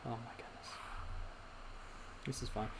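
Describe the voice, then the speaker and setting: A young man hosting a gaming channel rambles casually to viewers while he plays, restarting his sentences often. His voice is medium-pitched, with background noise in the clip.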